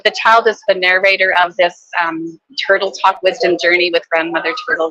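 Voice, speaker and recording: A woman from Canada presenting her children's book at a book fair, telling its story in a gentle, earnest way. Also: on the low side, dry recording, muffled recording.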